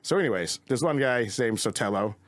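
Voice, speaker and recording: A man's voice: mid-range voice, lively intonation, a little fast, no room sound. A man guesting as a comedian on a podcast, telling rambling stories full of fillers and swearing. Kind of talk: casual podcast storytelling.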